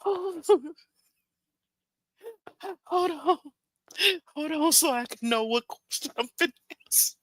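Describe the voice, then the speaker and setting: A woman's voice: sits high, animated, slow, pauses often. A woman hosting a casual livestream, talking straight to her viewers about their comments and keeps breaking into helpless laughter. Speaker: livestream host. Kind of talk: casual live chat reacting to viewer comments.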